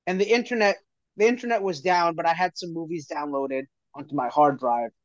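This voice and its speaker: A podcast co-host with a slightly high voice tells a story in casual chat, laughing a lot and restarting often. He speaks fairly quickly, and the dry audio is slightly muffled and lo-fi, with no echo.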